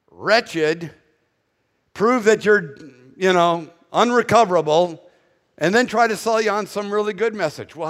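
A man's voice: sits high, a bit bright. A male pastor with a Northern US accent, preaching a sermon in a blunt, conversational way with casual asides. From northern United States. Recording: echoey hall reverb.

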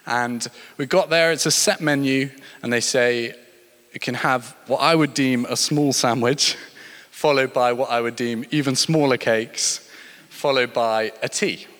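This preacher speaks a little slowly in a medium-pitched, steady, slightly bright voice. He tells stories that build toward emphatic points, his storytelling rising and falling, all under long hall reverb.

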